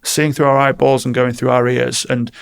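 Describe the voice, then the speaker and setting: Male coach, gravelly voice, mid-pitched, animated storyteller for a casual interview. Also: normal speed. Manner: animated storytelling, acts out quotes. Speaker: guest, performance coach.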